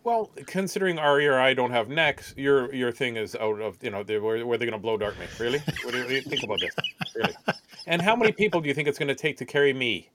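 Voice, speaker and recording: A male comedian guest on a podcast, rambling through deadpan jokes and stories. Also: medium pitch, quick pace.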